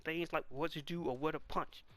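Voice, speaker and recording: Man, slightly high voice, casual commentary, exasperated, rhetorical questions. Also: fairly even intonation, moderate pace, fairly bright tone. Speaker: manga reaction host.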